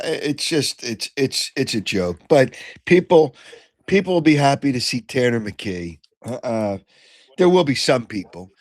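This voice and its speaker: An older man hosting a call-in sports radio show, blunt and opinionated, clearing his throat as he gets over a cold. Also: medium pitch. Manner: blunt, opinionated, flares into shouting. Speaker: sports talk radio host.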